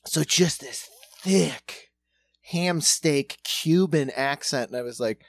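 A man co-hosting a casual podcast, telling a story in an animated, profane way. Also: on the high side, slow, creaky, dry recording. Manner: animated, profane, lots of fillers.

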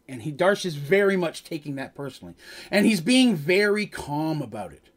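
A man tells an improvised fantasy story in a casual, rambling way. He is chatty and goes off on asides. His voice sits a little higher than most men's. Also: very animated, moderate pace.

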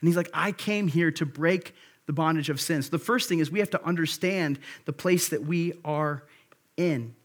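A man preaching in a fairly high, conversational voice. He retells scripture in everyday words and works through his points with stops and restarts before pressing them home with emphasis. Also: moderate pace. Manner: frequent restarts and fillers, then builds to emphatic points. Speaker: pastor. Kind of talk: sermon.

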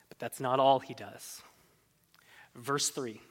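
A pastor preaching a sermon in a church, earnest and conversational, with quick asides and stumbling restarts. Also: mid-range voice, steady tone, in a large hall.

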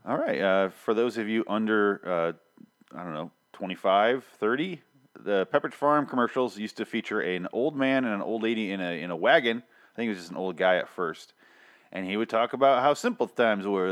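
A man hosts a podcast in a low, easygoing voice. He rambles and corrects himself often. His tone stays self-deprecating. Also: brisk. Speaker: podcast host. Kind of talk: casual podcast chat.

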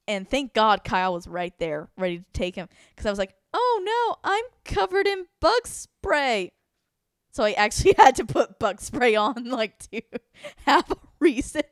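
A woman's voice: mid-range voice, dry recording, studio quality. Anxious, rambling young woman. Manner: anxious, self-deprecating, rambling with fillers. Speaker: podcast co-host. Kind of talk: casual chat.

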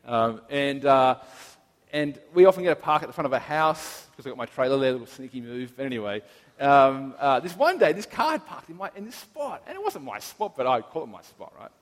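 A man's voice: medium pitch, very animated, brisk. A man in his thirties, a pastor, giving a sermon in an earnest, personal, reflective way. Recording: long reverb of a large hall.

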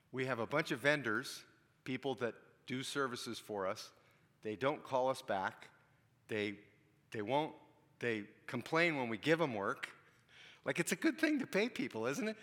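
A man's voice: mid-range voice, fairly bright tone. A man preaching a sermon in a conversational way, asking his listeners questions and telling stories. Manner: conversational, asks the congregation questions. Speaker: pastor. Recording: long hall reverb.

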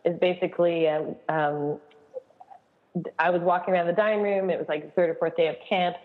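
On a podcast she co-hosts, a woman who directs a camp recounts funny camp moments, chatting casually and laughing in animated fashion. She speaks a little fast with a fairly low pitch, and the audio is dull with a long echoey reverb.

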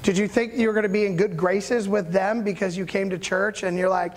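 A man preaching a sermon in a casual, conversational storytelling manner, with sudden loud bursts of emphasis. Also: high voice, fairly even intonation, a little fast. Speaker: pastor.

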